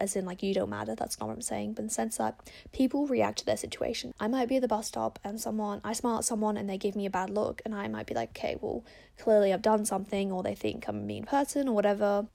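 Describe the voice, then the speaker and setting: A woman's voice: a little high, creaky, dark tone. A woman hosting a casual advice podcast, chatting in a rambling way with lots of fillers. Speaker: podcast host.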